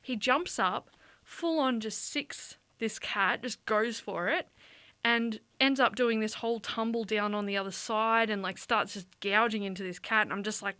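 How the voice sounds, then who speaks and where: Woman co-host, high bright voice, lively giggly delivery, dry studio sound. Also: measured pace, no echo. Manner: giggly, animated storyteller. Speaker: youth radio podcast co-host. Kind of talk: casual chat. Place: radio studio.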